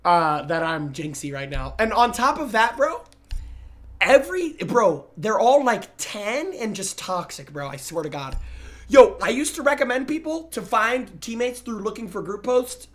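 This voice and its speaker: Bright-voiced man ranting to stream chat. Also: sits high. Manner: excitable, repeats "bro" and restarts. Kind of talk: gaming stream talk to chat.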